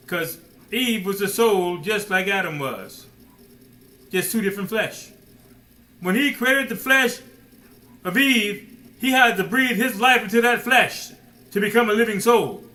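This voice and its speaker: Bright, lively male preacher. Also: sits high, rough recording. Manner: emphatic preaching with rhetorical questions; addresses listeners directly as "man" and "son". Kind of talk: sermon.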